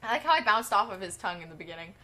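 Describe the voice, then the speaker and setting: A young woman giving excitable, giggly commentary while playing a video game. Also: mid-range voice, rapid-fire. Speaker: game streamer. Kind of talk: casual gameplay commentary. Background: faint game music.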